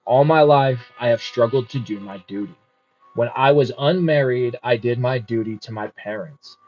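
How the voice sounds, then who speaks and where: A man voicing a humble, wise housewife who speaks plainly, calmly and firmly. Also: medium pitch, normal speed, close to an everyday voice. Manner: plain, calm and firm. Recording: muffled with faint music.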